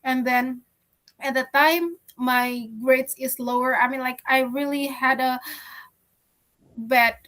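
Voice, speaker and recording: A young woman from Indonesia telling a personal story in a class discussion, speaking haltingly with frequent restarts. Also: high-pitched, steady tone, a bit bright. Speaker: student.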